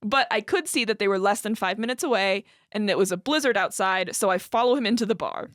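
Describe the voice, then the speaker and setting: Animated woman reading a story aloud. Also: medium pitch, fast, no echo, studio quality. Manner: animated, laughs often while reading. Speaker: podcast co-host.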